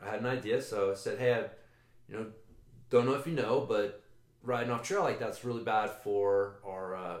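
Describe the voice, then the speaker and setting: Low-voiced man telling a rambling story. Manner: rambling storytelling with swearing and many restarts. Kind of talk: casual chat. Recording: roomy echo.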